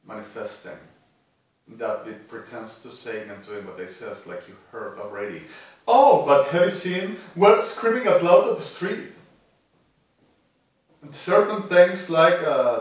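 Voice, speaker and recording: A man, delivering a rambling monologue to camera and veering from low muttering to shouting. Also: recorded from a distance. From Argentina. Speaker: vlogger. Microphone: phone camera. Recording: echoey room, voice away from mic.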